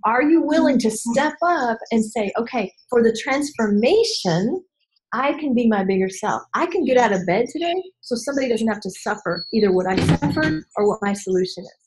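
A woman business coach in a candid podcast conversation, animated and emphatic, acting out voices and repeating key phrases. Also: fairly high pitch, brisk, slight background noise, low-quality recording. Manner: animated, acts out voices and inner dialogue.

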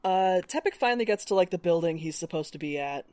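A young woman with a lowish voice chats through a book recap, rambling and filling pauses with ums and likes. Her sound is close and dry, with no room around it. She talks the way a podcast co-host does with friends. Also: lively intonation, darkish tone, dry recording. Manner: rambling, many fillers. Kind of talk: casual book-club chat.

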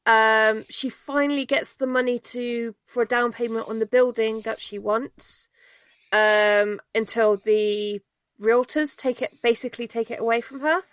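A woman's voice: fairly high pitch, fairly even intonation, unhurried, fairly bright tone, clean tone, no room sound. A woman co-hosting a podcast, casually summing up a film's story with plenty of ums. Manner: chatty, plenty of ums, laughs easily. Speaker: podcast co-host. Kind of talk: casual film discussion.

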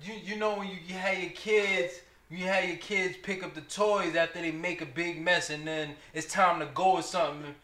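A high-pitched man with a bright, ringing tone tells animated stories in a casual podcast chat. He laughs often, and his voice carries a roomy echo. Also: normal speed, few pauses. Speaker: podcast co-host.

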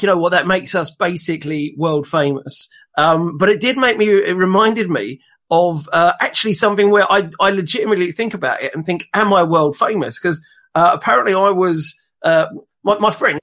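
A man with a high voice, co-hosting a relaxed podcast. He tells his stories in halting bursts, restarting phrases as he goes. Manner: halting storyteller with many restarts. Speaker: podcast co-host. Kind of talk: casual chat.

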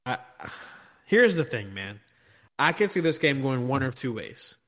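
A man's voice: medium pitch, big pitch swings, unhurried, a bit bright. Male sports podcast co-host, casual and playful, builds hype. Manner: joking, hyped.

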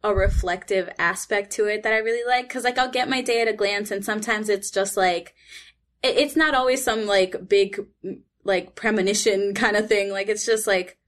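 A young woman co-hosting a podcast, talking in chatty, animated casual chat with many "like" fillers. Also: mid-range voice, moderate pace. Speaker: podcast co-host.

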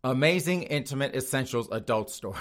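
A man's voice: medium pitch, animated, moderate pace. A man hosting a podcast from a studio, giving mocking commentary in a sneering tone and laughing at his own jabs. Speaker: podcast host. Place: studio outside Boston.

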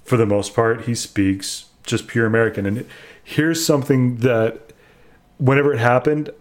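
A man's voice: medium pitch, steady tone, moderate pace. A young man co-hosting a casual chat, giving an opinionated game review and explaining at length. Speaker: co-host reviewing a video game.

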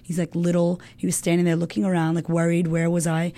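A young American guest tells a candid personal story from her home in Australia, full of swearing and lots of "like." Her lowish, dark voice is monotone, and she talks fast.

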